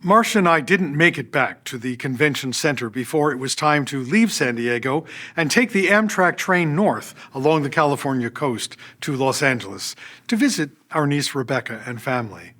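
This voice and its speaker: A man's voice: mid-range voice, moderate pace. An older man, an orchestra's artistic director, narrating personal stories from a script and acting out what people said. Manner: animated, acts out quoted voices.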